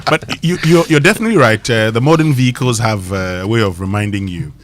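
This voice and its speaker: A man's voice: medium pitch, animated, fast talker. A man with a Ghanaian English accent hosting a morning radio show in a studio, explaining things with frequent laughs. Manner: explanatory, laughs often between points. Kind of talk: radio morning show chat and pronunciation segment.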